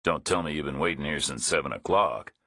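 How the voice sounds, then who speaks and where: A male narrator playing a big, laconic drifter who talks in a calm, dry, matter-of-fact way. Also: rumbling low, brisk, creaky, breathy edge, no room sound, exaggerated voice.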